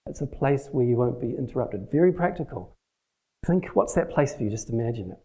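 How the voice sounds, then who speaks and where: A man's voice: medium pitch, animated, fairly quick, warm tone, breathy edge, low-quality recording. A man teaching a church group in a plain, conversational sermon, using practical everyday examples. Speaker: church teacher leading a prayer session.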